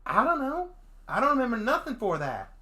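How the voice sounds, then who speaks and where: A man playing a gruff Southern dragon girl. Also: wildly swooping pitch, fairly quick, sharp tone, exaggerated voice. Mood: guarded. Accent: Southern US country, put on. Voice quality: low, frustrated, growling. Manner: curt, snapping, rural grammar. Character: rough feral dragon girl, young, distrustful and gruff. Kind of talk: visual novel read-aloud.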